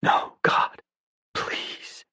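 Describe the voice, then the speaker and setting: A man voicing a desperate young man who swings between frantic shouts and broken, pleading whispers beside his injured love. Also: medium pitch, moderate pace, slightly rough, no echo, clean studio sound. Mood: whispered prayer.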